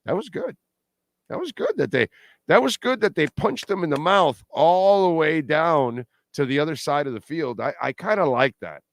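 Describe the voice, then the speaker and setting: A middle-aged man hosting a postgame sports talk livestream, animated and blunt, repeating points for emphasis. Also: on the high side, normal speed, no echo, clean studio sound. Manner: blunt and salty, pleads with viewers. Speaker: sports talk show host.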